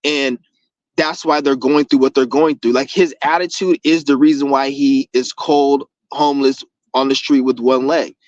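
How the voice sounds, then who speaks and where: A man's voice: medium pitch, steady tone, moderate pace, a little mellow, no echo. A man ranting in a rambling, profane, heated monologue for his channel. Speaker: vlogger. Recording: dull lo-fi dry recording.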